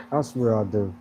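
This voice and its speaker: A man vlogging at a gym in casual chat, rambling and laughing as he tells a story. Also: on the low side. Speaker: fitness vlogger. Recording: noisy background.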